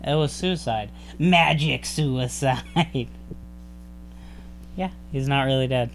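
Casual male co-host, mid-pitched, joking and rambling, faint hum behind. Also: takes it slowly. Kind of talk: casual chat.

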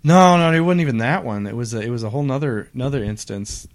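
A man chatting casually as a podcast guest, hesitant and quick to laugh. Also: medium pitch. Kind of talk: casual chat.

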